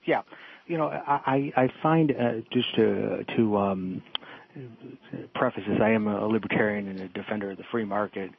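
A man calling a radio show, speaking slowly and haltingly with many fillers. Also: fairly low pitch, gravelly, slightly rough. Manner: slow, halting, filler-heavy. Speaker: caller. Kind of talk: phone call to talk radio. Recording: tinny phone line.

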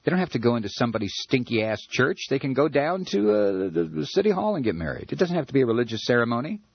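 A man's voice: mid-range voice, very animated, fast, creaky, breathy edge, no echo, highs cut off. A man hosting a radio talk show, ranting in a furious political monologue, stammering and repeating words.

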